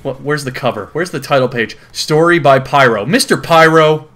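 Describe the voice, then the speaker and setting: A young man with a voice on the high side hosts a comedic video at a normal pace. He reads a comic aloud, layering on sarcastic commentary and laughing often, and the whole thing feels lively.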